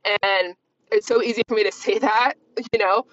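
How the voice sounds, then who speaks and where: A woman's voice: medium pitch, steady tone, moderate pace, a bit bright. A woman in her twenties hosting a casual solo podcast, talking candidly in a rambling way, with lots of "like". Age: 20s. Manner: rambling, candid, heavy use of "like". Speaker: podcast host. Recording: slightly dull lo-fi recording.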